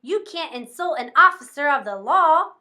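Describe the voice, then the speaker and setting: A woman's voice: high-pitched, lively intonation, normal speed, pushed and bright. A woman voicing an indignant male policeman in a storybook, stern and scolding.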